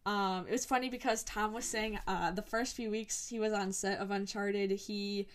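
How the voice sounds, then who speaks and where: A young woman hosting a solo podcast episode in casual chat, talking in a rambling, excited way full of "like" and "um". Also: mid-range voice, normal speed. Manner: chatty and rambling, lots of "like" and "um", excited. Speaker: podcast host.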